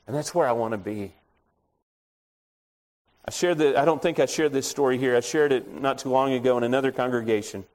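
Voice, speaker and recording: A middle-aged man preaching a sermon in a conversational way, telling folksy stories from his own life. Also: mid-range voice. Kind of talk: storytelling sermon.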